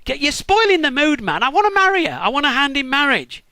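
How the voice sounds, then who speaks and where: Crude swearing young biblical trickster voiced by a british man, lively high voice, dry sound. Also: normal speed, no room sound, heavily acted. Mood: pleading. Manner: crude, swearing, exasperated bluster.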